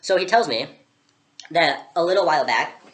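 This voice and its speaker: A young woman with a very deep voice recounts her adventure in a chatty, sarcastic way. She fills her talk with casual asides. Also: animated, normal speed. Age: young adult. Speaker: vlogger playing Alice. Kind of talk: storytelling character vlog.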